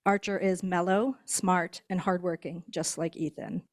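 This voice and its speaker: A guide dog instructor with a lowish, steady voice speaks at a measured pace. Standing in an indoor ceremony hall, she chats her way through introducing the graduates, with the odd laugh.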